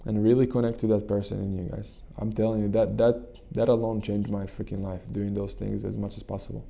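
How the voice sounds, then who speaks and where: Male coach, dark mellow voice, gravelly, earnest guided-meditation talk. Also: lowish voice, flat delivery. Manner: earnest, repetitive, halting restarts. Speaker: channel host and coach.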